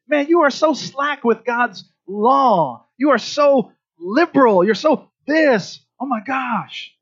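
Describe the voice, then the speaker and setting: A man's voice: very high-pitched, animated, takes it slowly, a bit bright, no room sound, lo-fi sound, pitched above the performer's own voice, full character voice. A man voicing scornful male religious teachers who mock with incredulous rhetorical questions. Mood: exasperated.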